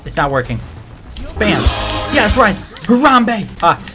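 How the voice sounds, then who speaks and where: Excitable trash-talking gamer guy. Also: high-pitched, normal speed, faint music behind. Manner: excitable, trash-talking, frequent shouted outbursts. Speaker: gamer and video creator. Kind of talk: let's-play commentary.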